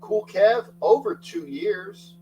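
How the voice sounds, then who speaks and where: Slow-paced, with a voice that sits high and cut-off highs, an older man runs a live sports talk stream. He rambles, restarts frequently and greets viewers by name, recorded on a distant mic with faint mains hum.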